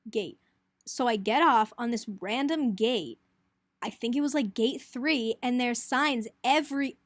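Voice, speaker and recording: A woman's voice: on the high side, dry recording. A young woman, a college student, chattily retelling a hectic trip in a casual vlog and acting out the quotes. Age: young adult. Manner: chatty, breathless retelling, lots of "like", acts out quotes.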